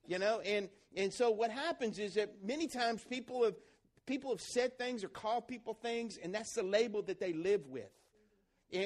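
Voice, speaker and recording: A pastor with a notably high voice delivers a rousing sermon in church. He keeps the congregation involved, asking questions and waiting for them to answer. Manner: rousing, asks the congregation call-and-response questions.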